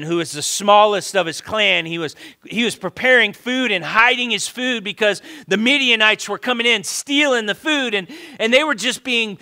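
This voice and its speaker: A male pastor preaching a sermon, swinging from loud fervent exhortation to hushed pleading and often repeating words when stirred. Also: sits high, normal speed, few pauses, clear, resonant tone.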